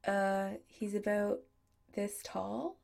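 A woman's voice: mid-range voice, level tone, very slow, creaky, a little mellow. A woman voicing a shy young male shoe designer who answers sheepishly and protests when teased. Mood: hesitant.

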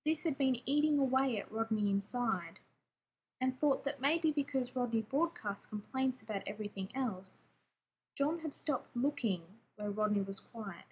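Woman narrating fiction, steady delivery. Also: a little high, normal speed, slightly rough. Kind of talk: reading fiction aloud.

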